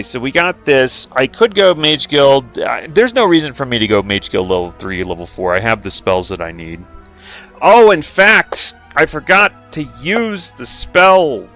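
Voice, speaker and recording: A man talks through his strategy game in a chatty, self-mocking way, thinking aloud as he plays. His voice sits low but sounds bright and forward, with lively rises and falls. Quiet music plays under him. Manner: playful silly noises and repeated sound effects. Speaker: game streamer. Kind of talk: casual gameplay commentary.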